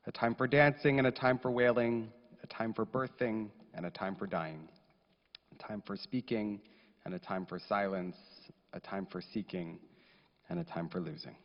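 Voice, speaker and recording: A man leading a funeral service, speaking solemnly and reading verses in a measured, chanting way. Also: on the low side. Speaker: rabbi officiating a funeral. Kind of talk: eulogy and scripture reading. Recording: echoey hall, dull lo-fi sound.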